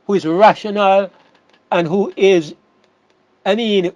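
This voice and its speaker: A man delivers a sermon in a high voice, stressing key words and circling back over his phrases. The sound is dry and a little muffled. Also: steady tone, slow, long pauses, a little mellow, no echo. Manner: emphatic, repeats words and restarts phrases. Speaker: preacher.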